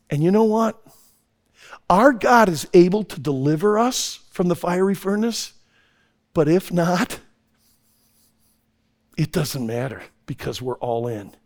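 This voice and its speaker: A man preaching an impassioned sermon to young people, swinging from hushed tones to shouting. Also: fairly high pitch, expressive, unhurried, pauses often. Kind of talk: sermon to a youth audience.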